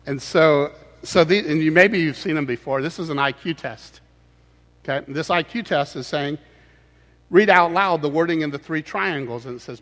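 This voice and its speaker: A man preaching a humorous sermon in a conversational, teasing way with animated asides. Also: on the high side, normal speed, big-room sound.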